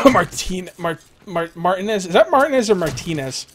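A young man with a slightly raised pitch chats loosely through a live game stream. He jokes, rambles and swears at the game, with faint background noise. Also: moderate pace.

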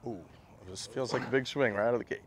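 A man hosting a golf show, giving quick, upbeat remarks and questions on an outdoor course. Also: medium pitch, fairly even intonation. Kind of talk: casual on-course banter.

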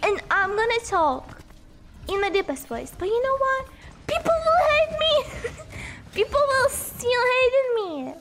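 Very high-pitched giggly woman streamer. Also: very animated, slow, music in the background. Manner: giggly, laughs often, chatty. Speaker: game streamer. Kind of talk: casual gameplay chat.

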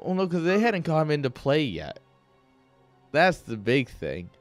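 A young esports caster with a fairly high, sing-song voice calls a live game unhurriedly over soft background music. His play-by-play is hyped and joking, and he speaks directly to his chat.

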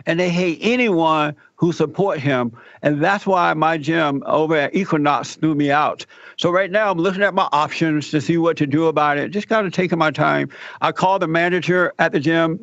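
A man telling a personal story in an interview, animated and acting out the people he quotes. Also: fairly high pitch, no echo, lo-fi sound. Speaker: guest telling his story.

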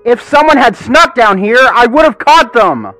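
A man's voice: high voice, big pitch swings, moderate pace, fairly bright tone, faint music behind, voice pushed up. A man voicing an angry, paranoid male police dog who snarls and hisses sarcastically. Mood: furious.

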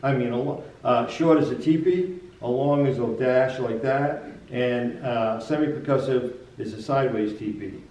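Mellow-voiced saxophone teacher, roomy sound. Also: male voice, mid-range voice. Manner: halting, repeats words, explains with examples. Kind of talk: casual music lesson chat. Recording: roomy, distant from the mic.

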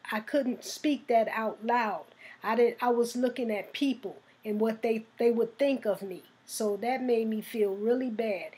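Smooth-voiced woman telling a testimony. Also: a little high. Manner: soft-spoken, reflective, earnest. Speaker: exhorter giving a testimony. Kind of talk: personal testimony storytelling.

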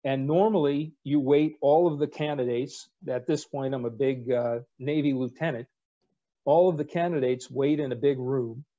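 A man in his sixties, a retired navy captain, spins wry anecdotes at an easy pace, dropping in casual fillers as he goes. His voice is warm and mellow, sitting at an ordinary middle pitch. The recording sounds a little dull and lo-fi. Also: normal speed. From United States. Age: 60s. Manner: wry, relaxed storyteller with fillers. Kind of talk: anecdotal storytelling talk.

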